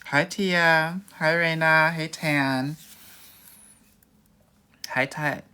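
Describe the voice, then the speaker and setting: A man's voice: a little high, fairly even intonation, extremely slow, sharp tone, clear, resonant tone. Sassy young male dating coach for a live-stream Q&A. Valley Girl lilt, campy, calls everyone honey. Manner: self-described Valley Girl way of talking. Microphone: phone or webcam mic for a live stream.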